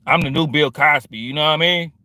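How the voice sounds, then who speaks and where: Talking fast in a fairly high, sharp-toned voice, this vlogger rambles through a casual, slang-heavy street monologue. He keeps slipping into quotes of what other people said, and there's no echo.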